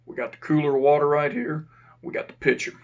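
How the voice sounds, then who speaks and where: A man voicing a gruff male prison officer who gives curt, hurried commands. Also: fairly high pitch, little pitch movement, highs cut off, natural voice. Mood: instructing.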